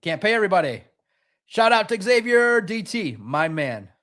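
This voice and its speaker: A man's voice: sits high, big pitch swings, moderate pace, a bit bright. A man hosting a sports podcast, talking casually and with animation, slipping into mocking impressions of others.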